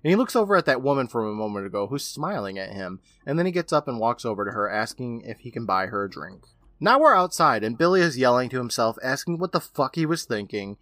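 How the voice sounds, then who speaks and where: Young male podcast host, lively recapper, acts out lines, dry close sound. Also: mid-range voice, quick pace, dry recording. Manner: animated retelling, acting out lines in character. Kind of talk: casual recap of a horror episode.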